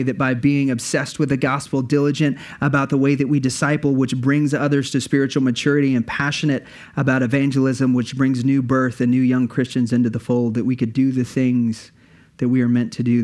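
A man's voice: mid-range voice, a little mellow. A male pastor preaching a sermon earnestly, building his points with repeated phrases.

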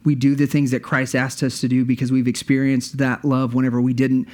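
A man's voice: medium pitch, little pitch movement, a little fast, darkish tone. Earnest male pastor preaching. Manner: earnest, builds with repeated phrases. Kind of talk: sermon.

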